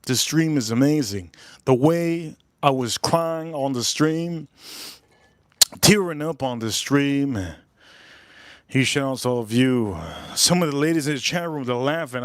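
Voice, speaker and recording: A man from the United States hosting a casual livestream, repeating himself often and giving emotional, rapid shout-outs to his viewers. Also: medium pitch, dry recording. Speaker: livestream host.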